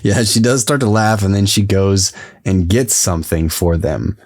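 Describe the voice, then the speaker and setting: A man's voice: sits low, moderate pace, a little mellow, no room sound, studio quality. A man co-hosting a podcast, recapping a TV episode in casual, rambling chat and laughing easily. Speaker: podcast co-host.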